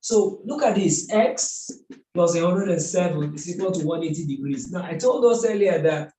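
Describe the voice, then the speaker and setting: A man teaches math at a board, his voice slightly high and mellow. He works methodically and keeps asking rhetorical questions. The recording carries a roomy echo. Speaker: math tutor. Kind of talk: whiteboard lesson. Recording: echoey room.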